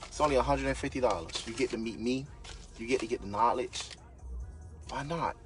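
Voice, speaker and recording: A man on a live stream, a real estate investor and business coach giving an unscripted, fired-up motivational rant, yelling and swearing bluntly. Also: mid-range voice, a little fast, soft background music. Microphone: phone or webcam on a social media live stream.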